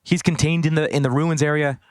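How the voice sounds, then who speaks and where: Fast-talking male esports analyst. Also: on the high side, steady tone. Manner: rapid, spells out team thinking step by step. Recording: clear background noise.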